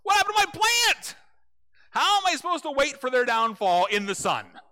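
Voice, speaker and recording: A man voicing the prophet Jonah as a petulant, complaining man with shrill outbursts. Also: very animated, moderate pace, sharp tone, big-room sound, exaggerated voice. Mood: indignant.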